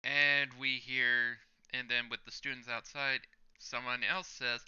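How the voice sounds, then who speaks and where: A man's voice: medium pitch, little pitch movement, a little slow, smooth, highs cut off. A man hosting a reaction channel, reading a manga chapter aloud panel by panel with his own commentary and chuckling at the jokes. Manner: narrates panel by panel, reading lines out loud.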